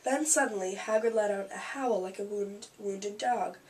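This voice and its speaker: A woman's voice: medium pitch, normal speed. Woman reading a storybook aloud, a bit off-mic. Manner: casual, with small slips and asides. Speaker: audiobook reader. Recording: slightly distant mic with faint hiss.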